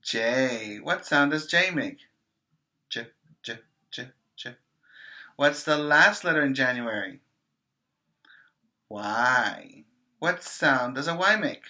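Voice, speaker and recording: A male preschool teacher leads a virtual class in a slow, drawn-out sing-song, chanting lists to small children. His tone is bright. He speaks gently and patiently. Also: medium pitch, lively intonation.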